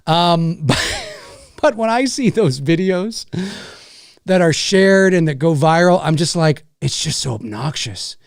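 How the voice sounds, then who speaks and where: A man's voice: fairly high pitch, lively intonation, measured pace, vocal fry, dry recording, studio quality. A man hosting a casual livestream rant, rambling and swearing, with many restarts. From Canada. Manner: rambling, profane, frequent restarts. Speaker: YouTube host.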